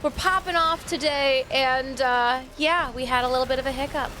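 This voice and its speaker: A woman's voice: sits high, fairly even intonation, normal speed, bright, forceful tone, faint music behind. Bubbly woman live-streaming a game. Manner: bubbly, apologetic, chatty with laughs. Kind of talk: casual live-stream chat.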